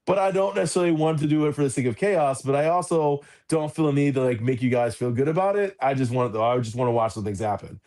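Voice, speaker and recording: Guy at a normal pitch, rambling, says like and you know constantly. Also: quick pace, few pauses, a little mellow. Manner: rambling, heavy use of fillers like "like" and "you know". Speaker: podcast co-host. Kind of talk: casual chat.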